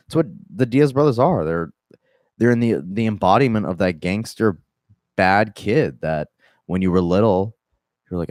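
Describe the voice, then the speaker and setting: A young man with a Southern accent talks casually about fighting news, in loose, profane bursts full of restarts and asides. His voice sits low, and the recording is dry and close. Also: lively intonation, normal speed, a little mellow, no echo. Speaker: MMA podcast host. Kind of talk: casual commentary.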